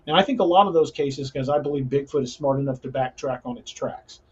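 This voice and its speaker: A man's voice: medium pitch, fast talker, darkish tone, slightly rough, dull audio. A man hosting a casual paranormal podcast, talking earnestly and restarting his sentences often. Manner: rambling, frequent restarts, earnest. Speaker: podcast host.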